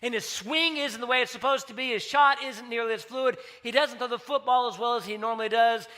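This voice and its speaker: A man's voice: extremely high pitch, fairly even intonation, brisk, sharp tone. A man preaching a sermon as pastor, talking in a conversational way and telling stories with acted-out dialogue.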